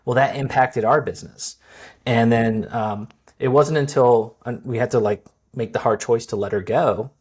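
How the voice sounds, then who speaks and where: A man's voice: medium pitch, normal speed, a little mellow, husky. A man hosting a business podcast, chatting casually and asking long, rambling questions. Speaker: podcast host. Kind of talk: conversational interview.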